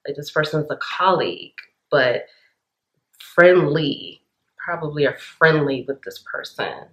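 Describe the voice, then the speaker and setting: A woman's voice: low voice, expressive, measured pace, a bit bright, roomy sound, low-quality recording. A woman giving a casual channeled tarot reading, talking intensely and emphatically, with many restarts and fillers. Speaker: tarot reader.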